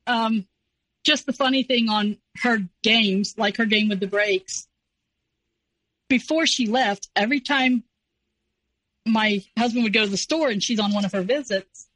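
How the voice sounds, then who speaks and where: A woman's voice: on the high side, a little slow, pauses often, no echo, rough recording. Woman telling a story animatedly, dry sound. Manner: animated, acts out quoted voices. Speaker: interview guest. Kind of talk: casual personal storytelling.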